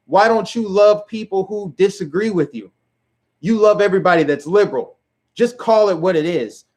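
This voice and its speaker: High-voiced man ranting to camera. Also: darkish tone. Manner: emphatic, fires rhetorical questions. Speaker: video commentator. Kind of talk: direct-to-camera rant.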